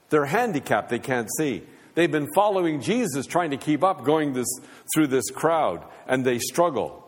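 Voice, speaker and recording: A man preaching a sermon as pastor, with rising and falling emphasis. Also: on the high side. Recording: long hall reverb.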